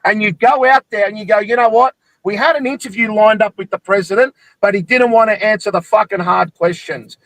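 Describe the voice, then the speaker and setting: A man's voice: high voice, brisk, few pauses, fairly bright tone, no echo, rough recording. A young Australian man with a football podcast, in a heated, sweary rant about his club after a loss. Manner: angry, sweary, ranting. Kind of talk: heated post-game rant.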